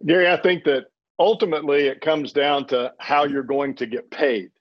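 A man, a former closing pitcher, telling a rambling story on a panel with many restarts and chuckles. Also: steady tone, normal speed, highs cut off.

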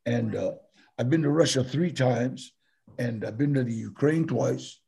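Gravelly older man. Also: mid-range voice, a little slow, mellow. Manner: rambling, laughing, full of "you know" and "man". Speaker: guest actor. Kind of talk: casual storytelling interview.

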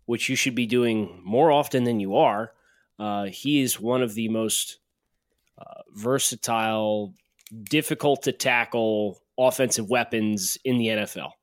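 A man's voice: lowish voice, unhurried, dry recording, studio quality. A man co-hosting a sports podcast, chatting casually and breaking into heated, jokey rants. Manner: ranting, jokey. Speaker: podcast co-host.

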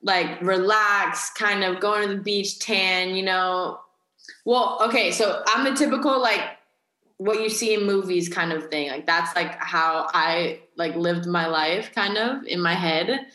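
A young woman from California talks through an interview in a relaxed, chatty way, leaning on "like" again and again. Her voice sits low but sounds bright. The room around her is echoey. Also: a little slow. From Carlsbad, California. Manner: chatty, heavy use of "like". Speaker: college athlete guest. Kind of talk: casual interview chat.

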